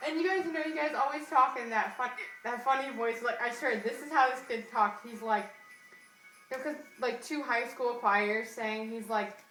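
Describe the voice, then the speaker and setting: A woman's voice: fairly high pitch, normal speed, a bit bright. A young woman with hiccups chatting and giggling in a casual home video. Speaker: vlogger with hiccups. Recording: echoey room with music behind.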